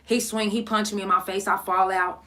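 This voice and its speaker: A young woman hosting a podcast, telling a story in blunt, profane, animated casual talk. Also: mid-range voice, a little fast. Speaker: podcast host.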